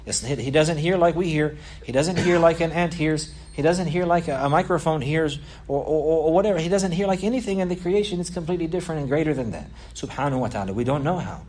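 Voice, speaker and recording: A man teaching a religious lesson, explaining a classical text, repeating and restarting phrases and reading quoted passages quickly. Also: on the high side, a little mellow.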